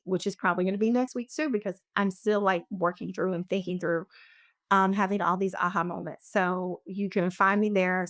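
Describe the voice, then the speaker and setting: A woman's voice: fairly low pitch, no echo, studio quality. A woman coach talking in a casual podcast conversation, earnest and reflective, often acting out her own thoughts in quotes. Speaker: guest coach.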